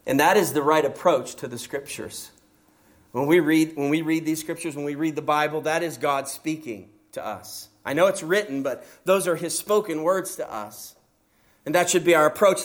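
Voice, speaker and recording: A man's voice: on the high side, moderate pace. A man teaching a Bible study sermon, acting out quoted voices and asking his listeners rhetorical questions. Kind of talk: expository sermon.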